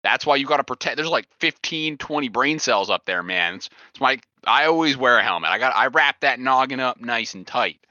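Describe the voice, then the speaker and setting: A man playing a vain macho pro skier, bright voice. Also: mid-range voice, lively intonation, fairly quick, few pauses, dry recording, dull audio. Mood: bragging. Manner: boastful meathead bravado, slangy. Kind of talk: improv comedy character.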